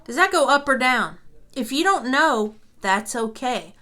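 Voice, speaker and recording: A woman's voice: high voice, expressive, unhurried, pushed and bright. A woman teaching a music lesson, talking patiently and reassuringly, often checking in with "okay?", and sometimes singing along.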